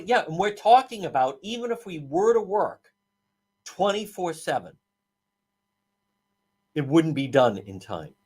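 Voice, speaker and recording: A man's voice: a little high, big pitch swings, unhurried, long pauses, darkish tone, husky. A man hosting a talk show, ranting with heated, sarcastic indignation and many restarts. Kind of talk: heated political commentary.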